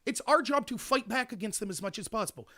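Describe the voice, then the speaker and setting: A man's voice: sits high, fast talker. A man hosting a political talk show, giving an opinionated monologue and speaking straight to his listeners. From United States. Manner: animated, opinionated, addresses listeners directly. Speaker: host.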